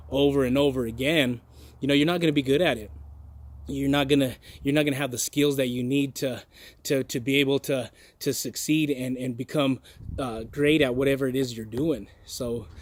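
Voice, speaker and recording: Guy doing a pep talk vlog, rambly, keeps restarting, folksy and earnest, middle pitch. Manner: rambling, many restarts and repeated words. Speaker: motivational vlogger. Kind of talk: casual motivational monologue.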